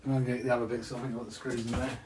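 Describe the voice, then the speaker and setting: A man's voice: mid-range voice, little pitch movement, racing, very noisy. A man from the UK hosting a hobby channel, chatting casually with viewers while unboxing parts, self-deprecating and laughing often.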